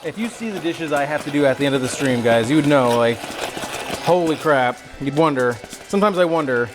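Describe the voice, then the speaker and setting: A man's voice: fairly high pitch, expressive, brisk. A man chatting and joking to his viewers while he cooks in his home kitchen during a casual livestream. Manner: joking, chatty, talks to himself while cooking. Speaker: livestream cooking host. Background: music.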